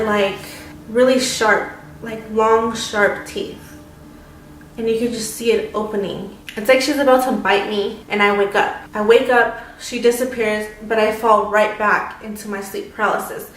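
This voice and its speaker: A young adult woman vlogger telling a story casually and dramatically, with lots of fillers. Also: medium pitch. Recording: roomy, distant mic, faint noise.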